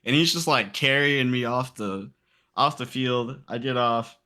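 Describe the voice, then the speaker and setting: A man in his late twenties telling a story in casual podcast chat, animated and acting out the quotes. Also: medium pitch, unhurried. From Texas. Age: late 20s. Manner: animated, acts out quotes in character. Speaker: podcast guest.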